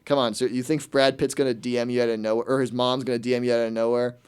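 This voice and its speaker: A man's voice: medium pitch, flat delivery, fast, a little mellow, clean tone. A man hosting a radio show, ranting in casual comedic chat with a mocking, incredulous manner.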